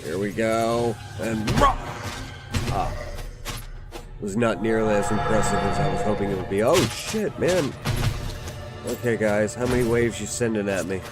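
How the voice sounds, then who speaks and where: Low-voiced man casually commenting on gameplay. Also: fairly even intonation, normal speed, loud music behind the voice. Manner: chatty, swears, reads game text aloud. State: slightly out of breath. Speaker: game reviewer playing on stream.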